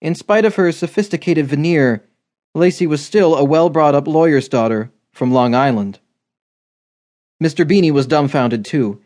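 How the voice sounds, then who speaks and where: A man reading a romance novel aloud in steady, measured scripted narration. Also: a little high. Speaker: audiobook narrator.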